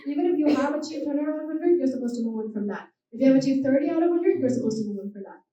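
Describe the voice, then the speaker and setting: Young woman, American accent, motivational speaker, high voice, soft dark tone, booming reverb, distant mic. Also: rapid-fire, muffled recording. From India. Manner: animated, emphatic and repetitive, switches accents on demand. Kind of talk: motivational speech to students. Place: university hall. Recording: echoey hall from far off.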